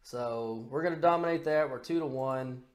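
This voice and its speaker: A man hosting a podcast in a casual, profane, excitable chat who bursts into shouts. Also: mid-range voice, moderate pace. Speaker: podcast host.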